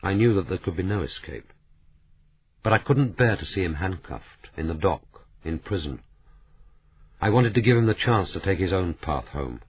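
A man's voice: sits low, animated, normal speed, husky. A man voicing a bitter, defensive young male detective in a weary, pained tone. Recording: narrow, phone-like audiobook sound.

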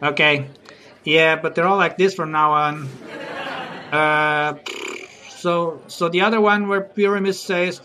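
A man's voice: fairly high pitch, steady tone, a little slow, pauses often, sharp tone. A man doing a stand-up comedy routine, chatty, teasing the audience and giggling at his own jokes.

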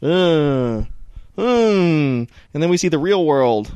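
A man's voice: a little high, animated, takes it slowly, dark tone, smooth, dry recording. A man co-hosting a podcast in casual chat, rambling and joking with lots of fillers. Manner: rambling, filler-heavy, jokey. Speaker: podcast co-host.

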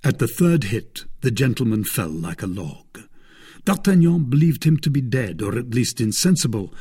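A man narrating a classic adventure novel in a measured storytelling manner. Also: medium pitch, very animated, dark tone, slightly rough. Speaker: audiobook narrator.

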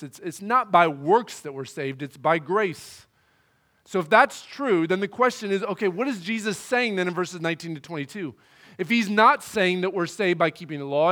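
A man preaching a sermon, walking through a Bible passage in a measured, earnest way. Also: sits high, a bit bright. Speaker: pastor.

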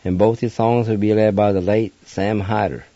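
Male radio host and teacher, low mellow voice, slow and careful, dry and slightly dull sound. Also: fairly even intonation, no room sound. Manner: slow, deliberate, spells out letters. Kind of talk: language lesson.

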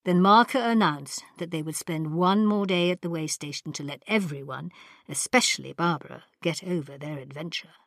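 A woman narrating an audiobook in a measured, even manner. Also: deep voice. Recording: long reverb.

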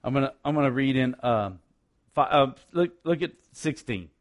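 A man's voice: mid-range voice, lively intonation, normal speed. A male pastor preaching a sermon, emphatic and repetitive, with rhetorical asides to the congregation.

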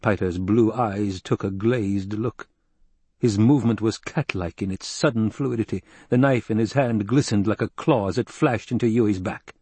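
A man narrating a novel in a steady, measured storytelling voice. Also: on the low side, husky, dry recording. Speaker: audiobook narrator. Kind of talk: scripted narration.

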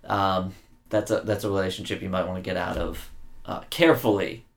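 A man's voice: deep voice, steady tone, fairly quick, creaky, crowd noise. A man co-hosting a casual podcast, joking around and rambling with lots of fillers and restarts. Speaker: podcast co-host.

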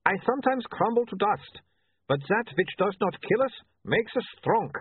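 A man's voice: sits high, lively intonation, moderate pace, slightly rough, voice pushed up, exaggerated voice. A man voicing an anxious, earnest male vampire photographer with a put-on foreign accent and stiff phrasing. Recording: tinny phone-like, dry.

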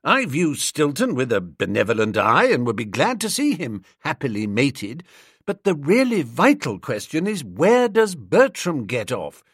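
A man voicing an idle, chatty young English gentleman in an audiobook, with a husky voice. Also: medium pitch, wildly swooping pitch, a little slow, no room sound, studio quality, full character voice. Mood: fretful. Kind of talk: audiobook character reading.

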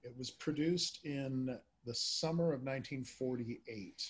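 A man hosting a podcast in a casual chat, speaking haltingly with many filler words. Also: medium pitch, slight background noise. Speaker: podcast host. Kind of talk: casual chat about old-time radio.

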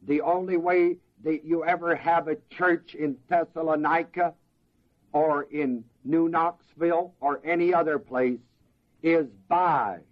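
A man preaching a slow, deliberate verse-by-verse sermon as pastor, pausing to ask the congregation to fill in words. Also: on the high side, lo-fi sound.

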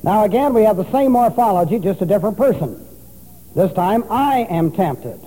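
A man's voice: high-pitched, expressive, moderate pace, dark tone, a little hiss or hum. A man preaching an expository sermon, spelling out Greek words letter by letter and teaching with emphasis. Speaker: pastor. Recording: long reverb of a large hall.

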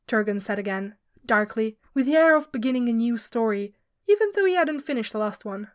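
A woman narrating fan fiction aloud in a steady, even manner. Her voice sits fairly high, and the recording is dry and close with no room sound. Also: a little fast, no echo. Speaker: podfic reader. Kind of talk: scripted story narration.

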